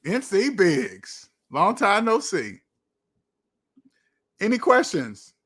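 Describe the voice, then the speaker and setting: A man hosting a livestream, answering viewers' comments in an emphatic way, slowing down to stress his points. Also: sits high, wildly swooping pitch, fairly bright tone, slightly rough. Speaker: livestream host. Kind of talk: live chat reading comments.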